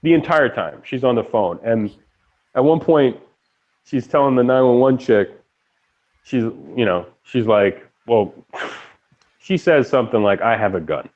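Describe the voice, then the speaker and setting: Animated, profane man on a lo-fi voice chat. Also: medium pitch, a little slow, pauses often. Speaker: lobby chat regular. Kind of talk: casual chat.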